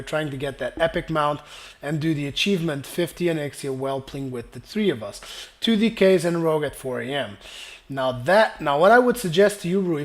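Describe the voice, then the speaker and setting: A young man hosting a gaming channel, casually reading viewer comments aloud and answering them while his voice is wearing out from a dry throat. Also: a little high. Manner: casual, rambling, reads comments aloud then responds.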